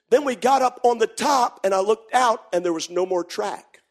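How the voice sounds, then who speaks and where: A middle-aged male pastor with a notably high voice delivers an animated sermon. He drops low for storytelling, then rises into fervent shouting. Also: normal speed, hardly any pauses. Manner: animated preaching, swings from quiet storytelling to shouting.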